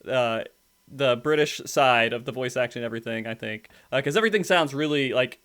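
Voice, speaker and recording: A man's voice: mid-range voice, fairly bright tone. Easygoing male podcast host. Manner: easygoing, questioning, quick to laugh along. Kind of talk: casual podcast interview.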